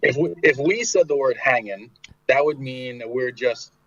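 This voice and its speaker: A man's voice: medium pitch, moderate pace, fairly bright tone, no room sound, highs cut off. A man, a podcast guest guessing slang words hesitantly over an internet call. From New York. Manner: hesitant guessing, many fillers. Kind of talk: casual banter.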